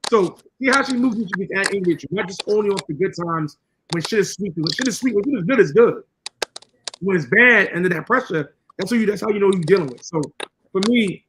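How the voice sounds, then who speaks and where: Podcast co-host, man, high bright voice, blunt and preachy with lots of swearing. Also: a little hiss or hum, poor audio. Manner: blunt, profane, lecturing. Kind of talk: casual podcast talk.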